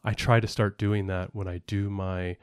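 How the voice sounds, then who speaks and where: A man's voice: lowish voice, flat delivery, moderate pace, clean tone, no room sound, studio quality. A man co-hosting a casual podcast, explaining at length in a rambling way with frequent fillers and restarts. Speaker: podcast co-host and parent.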